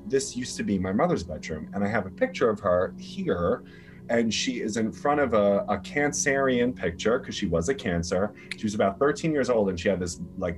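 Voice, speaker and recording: A man, an astrologer guest, talking casually and profanely in quick animated bursts from a bedroom over a call. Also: lowish voice. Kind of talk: casual podcast chat. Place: grandmother's house bedroom.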